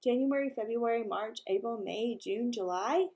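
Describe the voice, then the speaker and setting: A woman's voice: fairly high pitch, moderate pace, a little mellow, close to an everyday voice. A woman voicing a cheeky little preschool boy who shows off in a singsong, playful way.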